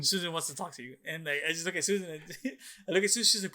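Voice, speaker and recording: A man's voice: a little high, fast talker, bright, forceful tone. A young man co-hosting a podcast, telling a long story in casual, rambling chat, swearing often and filling his talk with "like" and "dude". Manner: rambling, profane, many "like"s and "dude"s. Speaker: podcast co-host.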